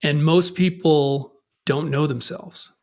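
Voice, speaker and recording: A man hosting a podcast, chatting in a relaxed, frank way with fillers. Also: a little high, slow pace. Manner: relaxed, frank, drops in fillers like "you know". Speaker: podcast host. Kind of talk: casual conversation.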